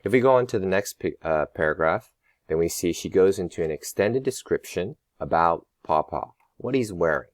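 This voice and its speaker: Deep-voiced man teaching a lesson. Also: expressive, normal speed, no echo. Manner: patient, explanatory, many ums and rhetorical questions. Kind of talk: recorded lesson walkthrough.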